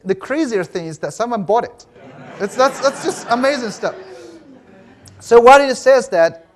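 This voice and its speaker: A lively, high-voiced education professor gives a keynote lecture in a conference hall. He narrates animatedly, keeps asking the audience "right?", and often restarts his sentences.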